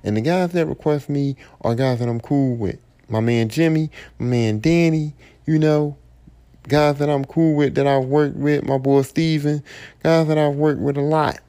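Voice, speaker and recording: Male podcast host, gravelly and dark-toned, blunt profane AAVE rant. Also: fairly high pitch, moderate pace. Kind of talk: solo podcast monologue.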